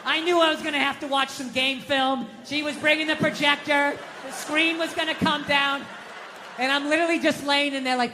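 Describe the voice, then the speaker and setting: A middle-aged man doing profane stand-up storytelling, ranting and bursting into shouts. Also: extremely high pitch, fairly quick. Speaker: stand-up comedian. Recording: live hall reverb, faint noise.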